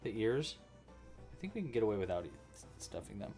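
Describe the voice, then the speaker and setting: Lively chatty male crochet host. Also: on the low side, brisk, over music. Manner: chatty, reacts to live chat while crocheting; counts stitches aloud under his breath. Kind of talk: casual live tutorial chat.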